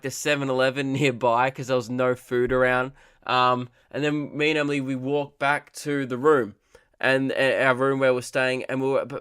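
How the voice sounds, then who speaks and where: A man's voice: medium pitch, fairly bright tone, clean tone, dry recording, studio quality. A man hosting a comedy podcast, telling a story casually, rambling with restarts and fillers and swearing freely.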